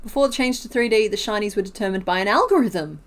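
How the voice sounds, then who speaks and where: A woman's voice: mid-range voice, fast. An Australian woman streaming while she crochets, chatting casually, laughing often and counting stitches under her breath.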